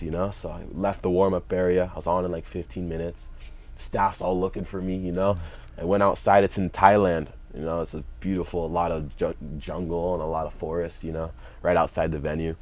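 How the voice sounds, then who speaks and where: Laid-back young man with a very low voice. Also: level tone, brisk, a little mellow. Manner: laid-back, many "you know"s and "like"s. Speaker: podcast guest, fighter. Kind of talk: casual storytelling.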